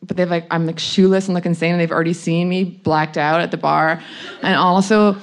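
A woman's voice: lowish voice, steady tone, brisk. A young adult woman frankly telling a personal anecdote in a chatty way, laughing often and saying "like" a lot. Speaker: storyteller.

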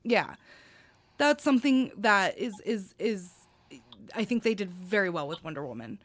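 A woman's voice: mid-range voice, expressive, moderate pace. A woman hosting a podcast, talking casually with many restarts and filler phrases. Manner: rambling, many you-knows and restarts. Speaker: podcast host.

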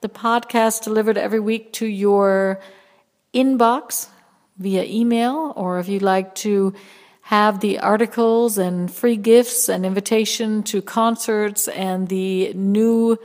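Woman voice teacher, podcast host; slow, patient delivery with sung demos, reverberant sound. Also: mid-range voice, steady tone. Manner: slow, gentle teaching with vocal sound demonstrations. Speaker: vocal coach and podcast host. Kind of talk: voice lesson with sung demonstrations.

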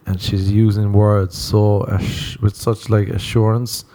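A man with a lowish, mellow voice riffs through a comedic storytelling monologue. He is crude and self-mocking, rambles from one tangent to the next, and laughs often. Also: flat delivery, slow pace. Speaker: podcast host.

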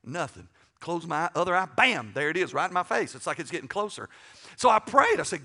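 A man's voice: high-pitched, expressive, a little fast, sharp tone. A man, preaching a sermon and telling a story, acting out the dialogue and often repeating words. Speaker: pastor.

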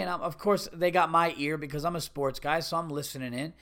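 Profane ranting man, high voice. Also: fairly quick, hardly any pauses, fairly bright tone. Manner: profane, ranting, exasperated, acts out both sides of a conversation. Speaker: podcast host. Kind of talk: comedic storytelling rant.

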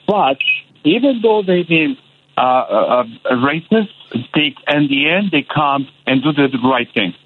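A man's voice: a little high, lively intonation, slight background noise. Impassioned male caller on a tinny phone line. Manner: passionate, halting, many repeated fillers. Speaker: radio caller. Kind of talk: impassioned call-in.

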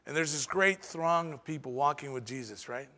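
Male pastor, sermon, bright, dramatic pauses, long hall reverb. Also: a little high. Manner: preaching with dramatic pauses and shifts in loudness.

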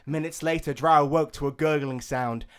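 A man's voice: on the high side, steady tone, moderate pace, smooth. A man co-hosting a comedy podcast who reads his own comic story aloud and stumbles over his writing. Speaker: co-host and storyteller.

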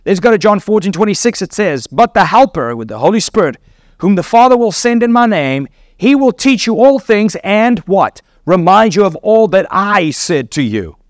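A man's voice: high voice, sing-song, normal speed, no echo, studio quality. A man preaching a sermon, teaching earnestly and asking his listeners rhetorical questions.

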